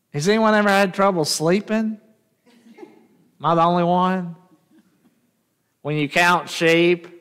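Slow-preaching pastor in echoey church. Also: male voice, fairly high pitch, fairly bright tone, clean tone. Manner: call-and-response, asks the congregation questions. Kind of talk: sermon. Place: church sanctuary.

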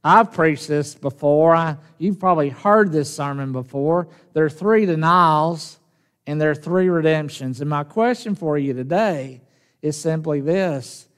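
Smooth, on the high side, and a little slow, a pastor preaches in a Southern US drawl. His sermon is folksy and conversational, full of questions for the congregation, echoing with the long reverb of a large hall.

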